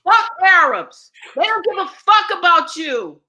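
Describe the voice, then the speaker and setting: A woman's voice: very high voice, sing-song, measured pace, sharp tone, a little hiss or hum. A woman speaking as a guest and ritual teacher, blunt and profane, preaching with rhetorical questions. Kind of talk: impassioned spoken address.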